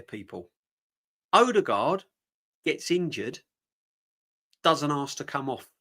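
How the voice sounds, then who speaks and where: A middle-aged man hosting a football fan stream, reading viewer comments and answering them in an animated, emphatic way, often repeating his points. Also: medium pitch. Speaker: football fan channel host.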